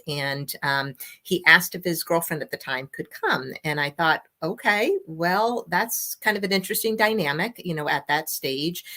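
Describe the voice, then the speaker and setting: A woman in her fifties, an interview guest, telling a family story in an animated way and voicing the quotes. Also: low voice.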